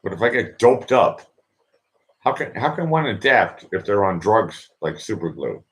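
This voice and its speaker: A man with a deep, low-pitched voice talks straight to camera in a loose personal monologue. He rambles, circles back and repeats his phrases as he works through his thoughts, earnest and heartfelt. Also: sing-song, normal speed, fairly bright tone. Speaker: vlogger.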